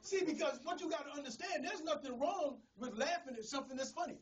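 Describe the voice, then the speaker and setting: A middle-aged pastor preaching a sermon in a folksy, storytelling way, often repeating words. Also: male voice, extremely high pitch, quick pace, far from the mic, crowd noise. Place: church.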